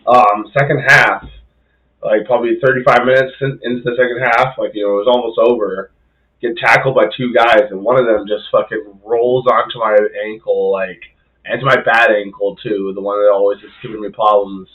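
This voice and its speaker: A man's voice: on the low side, fairly even intonation, a little fast, muffled recording. A young man chatting casually on a podcast, recounting a rugby game as co-host. He swears freely and fills his sentences with "like" and "dude," talking in a loose, rambling way. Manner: casual storytelling, heavy swearing and fillers. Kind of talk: casual chat.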